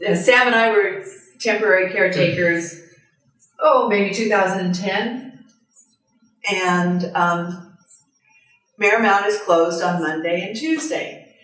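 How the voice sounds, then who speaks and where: A woman tells anecdotes to a small group in a lively way, slipping into the voices of the people she describes. Her voice sits at a middle pitch. She is picked up from well away from the mic in a room with heavy echo. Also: takes it slowly, pauses often. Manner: lively storyteller who acts out other people's lines with laughs. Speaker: former temporary caretaker. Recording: very echoey room, mic far off.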